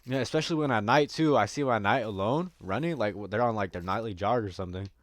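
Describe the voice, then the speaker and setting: A man's voice: on the low side, fast, dry recording, clean studio sound. A man giving casual gameplay commentary, rambling and joking crudely with a lot of swearing. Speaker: gaming streamer.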